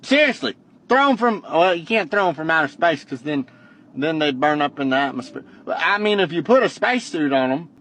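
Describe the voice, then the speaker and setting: A man's voice: a little high, big pitch swings, a little fast, a bit bright. A man in a clip explaining things casually in a joking, profane way.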